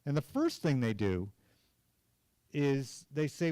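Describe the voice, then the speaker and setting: A man in his fifties from Oklahoma, an actor telling animated stories with hesitations in an onstage conversation. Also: medium pitch, slow, clean tone, dry recording. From Tulsa, Oklahoma. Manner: animated anecdotes with hesitations and acted quotes. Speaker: guest actor. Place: cinema stage before an audience.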